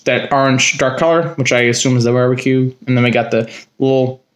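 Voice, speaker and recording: A man's voice: mid-range voice, flat delivery, fairly quick. A man casually reviewing chips in a vlog, talking in a blunt, rambling, jokey way. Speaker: snack reviewer.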